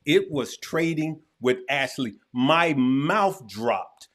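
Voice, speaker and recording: This livestream host has a mid-range male voice with lively intonation, and he takes his time. In casual chat he keeps restarting and repeating himself, pressing his points with sincere, almost sermon-style encouragement.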